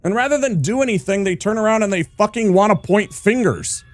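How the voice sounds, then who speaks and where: A man's voice: high-pitched, expressive, fairly quick, no echo. A male streamer ranting hard with heavy swearing while he plays a game. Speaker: gaming streamer.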